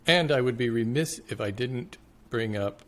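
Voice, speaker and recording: A man's voice: mid-range voice, animated, normal speed, a little hiss or hum. A man co-hosting a podcast, joking around and bantering with the guest in an amused way. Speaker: podcast co-host. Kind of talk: casual interview chat.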